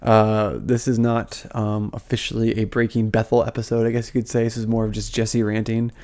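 A man's voice: lowish voice, level tone, brisk, darkish tone. A young man giving casual, heated commentary to camera as a vlogger, full of fillers, restarts and frustrated asides. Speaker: vlogger, former ministry school student.

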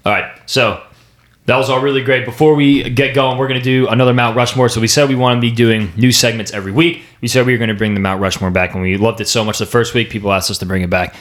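A young man co-hosts a casual podcast with friends, his voice sitting in a middle register. He talks in an easy, animated way and likes to quote films. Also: medium pitch, fast talker. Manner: animated, quotes movie lines in put-on voices. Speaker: podcast co-host. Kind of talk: casual chat.

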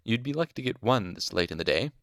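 A man's voice: on the low side, animated, fast talker, fairly bright tone, no echo, studio quality. A man reading an audiobook, voicing a haughty, condescending rich young nobleman student. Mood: smug. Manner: smug, clipped and condescending.

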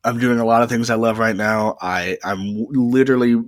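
A man in his twenties hosts his own podcast alone, talking in a chatty, rambling way with frequent pauses into a close mic. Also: mid-range voice, steady tone, no echo. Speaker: podcast host. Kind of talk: casual solo podcast monologue.

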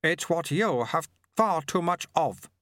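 A man voicing a brisk, dry-witted male monk who recruits a youth, speaking in a sardonic way. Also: fairly high pitch, lively intonation, fairly bright tone, no room sound, voice pushed up.

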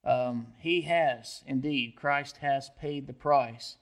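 A man's voice: medium pitch, takes it slowly. A man preaching an expository sermon as pastor, often asking the listeners questions and checking in with them.

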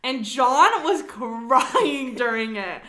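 Young female podcast co-host, bright and animated, roomy echo on the voice. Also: high-pitched, very slow. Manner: chatty, animated storytelling with frequent "like". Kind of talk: casual podcast chat.

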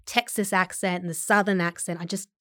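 A woman's voice: on the low side, fairly even intonation, a little fast, a bit bright, no echo, clean studio sound. A woman actor and filmmaker talking casually in an interview, chatty, with frequent fillers and laughs.

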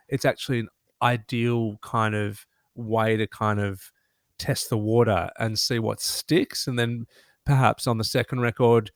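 Rambling Australian host, dry sound. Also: male voice, mid-range voice, no echo. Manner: rambling, many fillers like um and you know. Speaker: panel host. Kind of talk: casual panel discussion.

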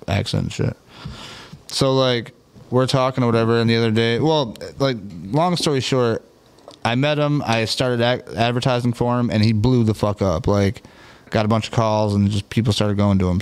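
Low-ish guy rambling through a story on a podcast, swearing a lot, super casual. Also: clean tone. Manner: rambling storytelling, lots of cursing and fillers. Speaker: podcast co-host. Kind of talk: casual chat.

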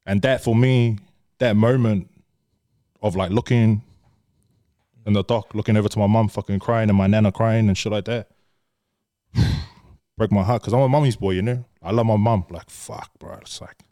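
A man's voice: lowish voice, steady tone, moderate pace, long pauses, dark tone, no echo, clean studio sound. Blunt, swearing young New man. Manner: swears a lot, says bro constantly. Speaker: podcast guest. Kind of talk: candid casual storytelling.

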